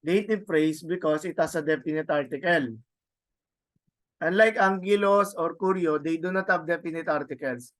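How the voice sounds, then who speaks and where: A man with a Filipino accent teaching a Greek grammar lesson, halting and repeating words, often adding "no?" to check on students. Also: a little high, fairly bright tone. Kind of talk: classroom lecture.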